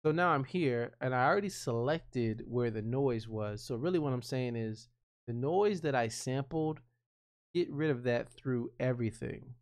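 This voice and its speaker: A man with a smooth, resonant voice of ordinary pitch narrates his own editing session. He thinks aloud, naming each step as he clicks, relaxed and conversational with frequent restarts. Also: moderate pace. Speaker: freelance video editor explaining his workflow. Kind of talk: casual screen-recorded tutorial.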